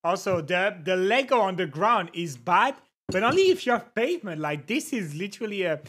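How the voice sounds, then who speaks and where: A woman hosting a casual livestream, reacting to videos with giggly, animated chatter. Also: mid-range voice, brisk. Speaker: livestream host.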